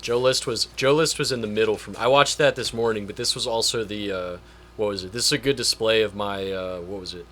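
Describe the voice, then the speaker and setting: Dude rambling on a podcast, bright sharp tone, says like a lot. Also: male voice, fairly low pitch, fairly even intonation, brisk. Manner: rambling, repeats himself, many fillers. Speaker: podcast guest. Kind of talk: casual chat.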